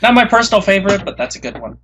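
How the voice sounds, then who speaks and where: A young man chatting as a guest, giving blunt, deadpan retorts. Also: high-pitched, rapid-fire, slight background noise, low-quality recording. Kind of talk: casual chat.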